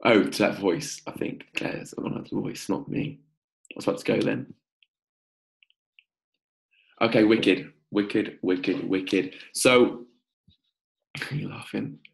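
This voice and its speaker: A man with a slightly low voice hosts a live-stream coaching session. He is energetic and upbeat, calling viewers out by name and rallying them to sign up. He is heard through a simple streaming mic. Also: slow, creaky, long pauses.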